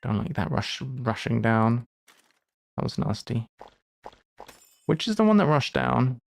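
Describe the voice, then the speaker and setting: A man's voice: mid-range voice, very animated, measured pace, gravelly, no echo. A man giving live commentary while he plays a game, chatty and thinking aloud, with playful asides. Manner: playful asides and mock lectures. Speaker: game streamer.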